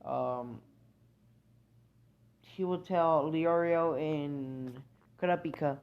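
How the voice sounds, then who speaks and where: Woman, rambling storyteller, low-ish voice, muffled lo-fi recording. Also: very slow. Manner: rambling, hesitant, frequent self-corrections. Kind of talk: improvised fan-fiction retelling. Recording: dull lo-fi recording.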